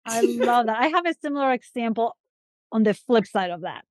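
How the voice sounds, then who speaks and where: A woman hosts a podcast in a casual chat, encouraging her guest and affirming what he says. Her voice is fairly high. She is recorded close and dry, with no room sound. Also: expressive, a little fast, no room sound. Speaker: podcast host.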